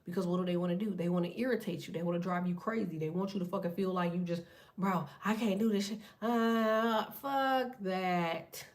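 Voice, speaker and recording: A woman's voice: on the low side, fairly quick, hardly any pauses. A woman giving a casual tarot reading, talking bluntly with heavy profanity and a preachy edge. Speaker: tarot reader.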